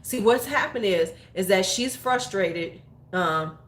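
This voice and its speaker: Outspoken woman in her forties doing blunt beauty chat; mid pitch, roomy echo. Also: animated, slow pace, a bit bright. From United States. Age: 40s. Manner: blunt, profane, rambling. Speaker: beauty YouTuber. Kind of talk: casual opinion chat.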